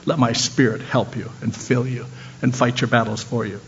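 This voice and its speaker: A man voicing God as a gentle, loving presence, speaking in a hushed, tender way. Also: mid-range voice, a little fast, long reverb tail, slight background noise, pitched below the performer's own voice, lightly acted. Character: gentle loving God, male, calm and reassuring. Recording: dull lo-fi sound.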